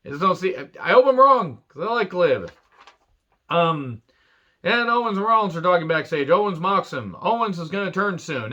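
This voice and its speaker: A man's voice: high voice, expressive, normal speed, sharp tone, muffled recording. A man casually recapping a wrestling show, rambling into crude jokes and sarcastic asides.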